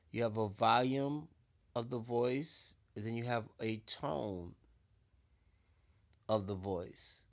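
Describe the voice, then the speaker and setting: A man giving a preaching-style lecture, deliberate and repetitive, swelling louder to stress his points. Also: lowish voice. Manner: deliberate, repeats words, swells louder for emphasis. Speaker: speaker giving a talk.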